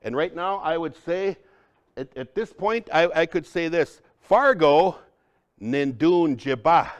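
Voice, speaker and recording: A man presenting a language workshop to a live audience, telling stories with lots of "hey?" and "right?", dropping to a hush and then rising loud. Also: on the high side, slow pace. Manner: animated storyteller, swings from hushed to loud, tag questions "hey?". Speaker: Ojibwe language teacher and presenter. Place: conference room.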